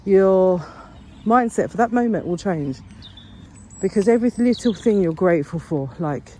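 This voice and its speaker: A woman's voice: mid-range voice, animated, normal speed, mellow, slight background noise. A woman talking earnestly and encouragingly in a casual walk-and-talk vlog outdoors, rambling a little as she goes. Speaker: vlogger. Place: outdoors on a walk along a path.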